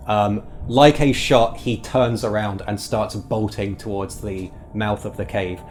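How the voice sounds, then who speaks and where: A man narrating as game master of a tabletop game, relaxed and halting with fillers. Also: fairly low pitch, soft background music.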